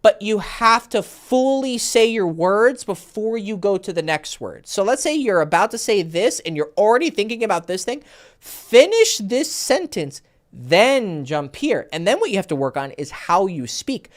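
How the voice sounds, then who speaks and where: A man's voice: sits high, expressive, normal speed, few pauses. A man coaching a caller on a livestream, talking bluntly and swearing, jumping from thought to thought. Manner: jumps between thoughts. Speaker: dating coach.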